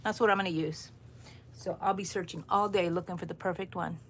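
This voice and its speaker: A woman's voice: on the low side, fairly even intonation, a little fast. A middle-aged woman hosting a crochet livestream from her home, rambling and greeting viewers by name. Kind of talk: chatty live-stream talk to viewers. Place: home room, overcast morning.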